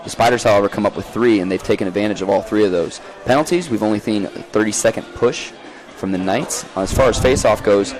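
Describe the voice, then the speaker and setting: A man giving live play-by-play commentary on a lacrosse game outdoors, folksy and energetic as he calls the action. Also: fairly low pitch, quick pace.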